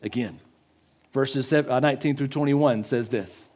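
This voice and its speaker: A man giving a sermon in a church, swinging from loud pleading to hushed, slow emphasis. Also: medium pitch. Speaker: pastor.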